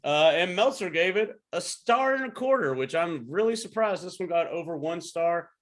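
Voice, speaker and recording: A man's voice: high-pitched, lively intonation, moderate pace. A man hosting a podcast in casual chat, wry and swearing casually. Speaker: podcast host.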